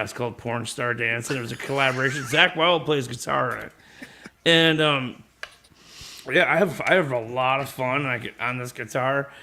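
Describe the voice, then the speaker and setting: A man's voice: mid-range voice, pushed and bright, slight background noise. A man casually rambling about his guitars and pickups on a live stream, with easygoing talk and the odd swear word.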